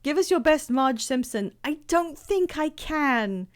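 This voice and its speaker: A woman streamer talks casually to her live chat while she plays. Her voice is slightly high and bounces all over the place. She speaks slowly, laughs often and makes fun of herself. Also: expressive. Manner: chatty, laughs often, self-deprecating.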